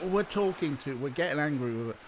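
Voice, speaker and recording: A man's voice: a little high, slight background noise. A man chatting casually as he streams a game, swearing and laughing at his own jokes. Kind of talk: casual let's-play commentary.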